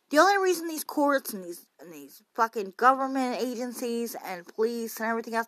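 A woman's voice: on the high side, fairly bright tone. A tired woman in a late-night, rambling monologue, heavy on swearing and punchy emphasis. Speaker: vlogger.

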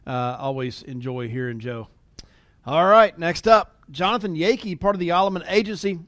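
A man's voice: a little high, normal speed, fairly bright tone. A man hosting an online sales team meeting, thanking speakers and introducing the next one in an upbeat announcer tone. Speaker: meeting host.

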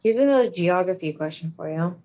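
A woman's voice: lowish voice, expressive, brisk, a crowd in the background, poor audio. A woman co-hosting a casual quiz chat, playful and teasing, boasting about her answers. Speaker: co-host.

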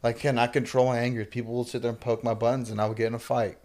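A young man on a casual podcast who jokes with quick interjections and then tells his own story earnestly. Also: mid-range voice, flat delivery, a little mellow. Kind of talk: casual chat.

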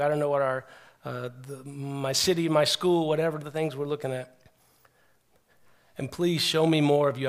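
A man preaching a sermon as a pastor, talking in a conversational storytelling way that swings from loud emphasis to hushed, quiet passages. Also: mid-range voice.

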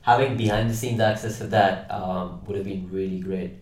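A man's voice: low-pitched, fairly even intonation, moderate pace, darkish tone. A man hosting a casual podcast chat, talking loosely and leaning on "like" and "right?" as fillers. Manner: chatty, leans on "like" and "right?". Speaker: podcast host. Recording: roomy echo.

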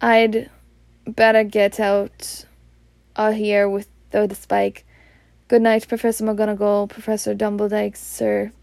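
A woman voicing a huge, soft-hearted male giant, tearful and choked up, with a Scottish accent. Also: mid-range voice, completely flat delivery, slow pace, gravelly, no echo.

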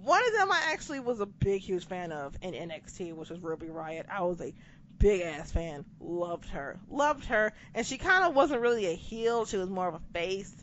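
A woman's voice: medium pitch, fairly quick. A woman co-hosting a podcast, chatting casually through a wrestling recap with sarcastic, profane asides. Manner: profane, sarcastic, animated retelling. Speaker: podcast co-host. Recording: dull lo-fi sound with background noise.

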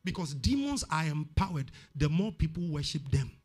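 High-voiced Ghanaian preacher. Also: male voice, very animated, moderate pace, darkish tone, husky, soft background music. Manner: emphatic preaching, repeats words for stress. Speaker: pastor. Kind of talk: sermon.

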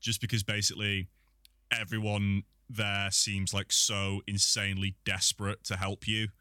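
A man with a very low voice and a bright, forceful edge chats easily, with fillers between his thoughts. His sound is dry and close. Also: monotone, moderate pace, dry recording. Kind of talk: casual chat.

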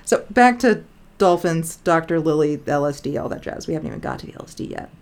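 A woman's voice: deep voice, lively intonation, quick pace, darkish tone. A woman co-hosting a podcast in casual chat, talking in a rambling, chatty way and often saying "like". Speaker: podcast co-host.

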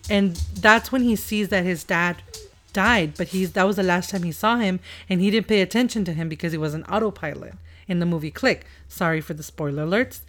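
A woman's voice: lowish voice, fairly bright tone. A woman hosting a casual podcast chat with her child, rambling and laughing often as she tells stories. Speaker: podcast host and mother.

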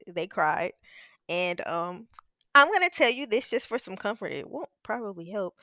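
Woman podcast host comforting her guest, soft-spoken and easygoing, dry no-room sound. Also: lowish voice, no echo. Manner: gentle and reassuring. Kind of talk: casual interview chat.

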